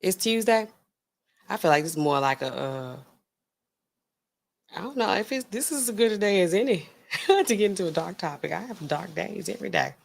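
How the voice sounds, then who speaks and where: Woman pharmacist on a livestream, chatty n slangy, laughs a lot, talk jumps from low mutters to high exclaims. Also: lively intonation, normal speed, gravelly, pauses often. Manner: laughs often mid-sentence. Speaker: pharmacist streamer hosting a livestream. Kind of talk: casual livestream chat, reading viewer comments.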